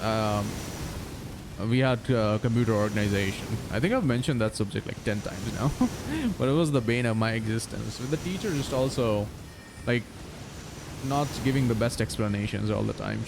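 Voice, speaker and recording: A man in his twenties chats while he plays, his gravelly voice rising and falling with lively swings in pitch. He laughs easily and swears without a second thought. A steady noise sits behind him in the recording. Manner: laughs often, swears freely, animated. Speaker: streamer. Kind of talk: casual chat while speedrunning a game. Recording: noisy background.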